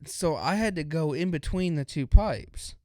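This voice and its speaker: A young male podcast co-host with a fairly high, expressive voice and a darkish tone speaks at a measured pace. He tells stories in a laid-back drawl, saying "dude" a lot, in casual chat. The studio-quality audio has no echo.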